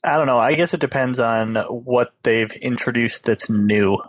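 A deadpan male co-host trades casual banter in a flat, tired-sounding way. His lo-fi mic sounds a little muffled, and the sound is dry. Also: mid-range voice, moderate pace, no room sound. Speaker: podcast co-host. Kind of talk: casual chat.

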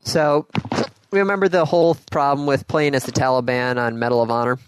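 A man's voice: medium pitch, fairly even intonation, fairly quick, noisy background. A man co-hosting a casual podcast, rambling loosely and reading news items aloud. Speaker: podcast co-host. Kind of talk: casual chat.

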